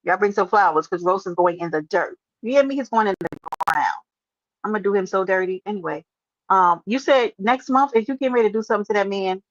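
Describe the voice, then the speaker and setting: A woman's voice: medium pitch, fast talker, no room sound. Brash woman stream host who teases guests and curses easily; dry, slightly muffled stream audio. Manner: brash, teasing, swears freely. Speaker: livestream host. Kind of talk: casual livestream chat.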